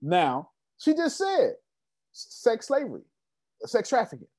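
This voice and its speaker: A man's voice: very high-pitched, wildly swooping pitch, takes it slowly, a little mellow. A man giving a business seminar to a live audience, emphatic and repetitive, often asking the crowd rhetorical questions. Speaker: business coach.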